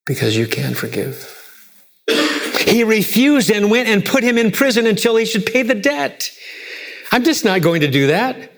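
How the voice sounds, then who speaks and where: Pastor guy preaching, pretty high voice, keeps hammering the same line over and over, big rises and drops. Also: big pitch swings, moderate pace, creaky, pauses often. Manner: emphatic, repetitive rhetorical questions with wide swings in pitch and loudness. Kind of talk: sermon.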